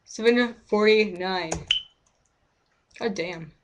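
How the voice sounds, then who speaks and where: A woman's voice: medium pitch, slow, dull audio, background noise. A woman streaming a game, giving rambling, chatty commentary and often cutting herself off mid-word. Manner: rambling, chatty, self-interrupting. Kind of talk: casual let's-play commentary.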